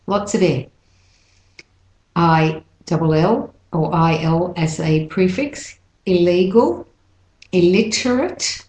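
Slow, deliberate woman teaching pronunciation. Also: lowish voice, a little mellow, reverberant, rough recording. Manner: repeats words slowly, stretching syllables.

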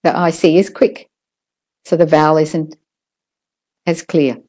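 A woman teaching English word stress in a recorded lesson, patiently modelling each word slowly. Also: lowish voice, mellow. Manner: slow, patient, drawn-out model words. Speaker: pronunciation teacher.

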